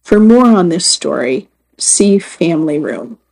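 A woman reading first-person magazine stories aloud as scripted narration, in a measured and earnest way. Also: fairly low pitch, animated, gravelly, darkish tone, low-quality recording. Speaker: magazine story reader.

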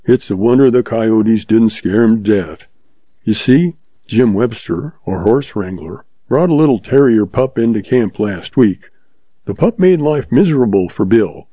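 A man voicing a smooth-talking young cowboy with an earnest, folksy drawl, read from a storybook. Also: on the low side, animated, a little slow, mellow, no room sound, muffled recording.

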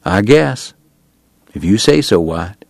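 A man voicing a quiet, wary older brother who speaks in a flat, reserved way. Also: on the low side, slow pace, vocal fry, no room sound, full character voice.

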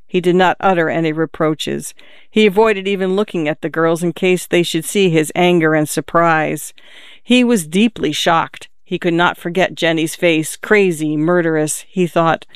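Audiobook narrator, smooth resonant voice, dry close sound, measured calm delivery, mid pitch. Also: no room sound. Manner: measured, calm storytelling with lifted character voices. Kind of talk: audiobook reading of a novel.

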